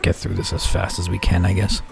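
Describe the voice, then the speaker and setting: A young man streaming a game, chatting casually in quiet, mumbled asides. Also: sits low, completely flat delivery, a little fast, creaky. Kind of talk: casual gameplay chat.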